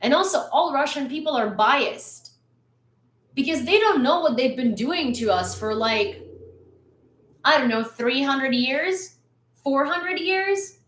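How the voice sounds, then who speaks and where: A woman's voice: high-pitched, expressive, slow, fairly bright tone, reverberant. A woman from Ukraine delivering a blunt, angry, sarcastic opinion rant to her followers. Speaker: vlogger.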